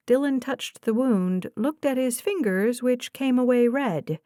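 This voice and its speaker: A woman narrating a thriller audiobook in a measured, even storytelling manner, recorded in a booth. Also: on the high side, no room sound, studio quality. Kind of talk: scripted narration.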